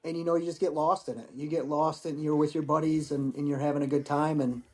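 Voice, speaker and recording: A man in his forties with an American accent, a Marine veteran telling stories as a podcast guest in a relaxed, profane way, often repeating words as he starts a phrase. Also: a little high, fast. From United States. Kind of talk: casual storytelling.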